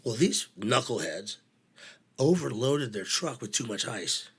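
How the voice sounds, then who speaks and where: A production manager chatting casually, bluntly retelling a work story, swearing freely and playing both sides of each conversation. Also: male voice, medium pitch, animated, unhurried, a bit bright, slightly rough.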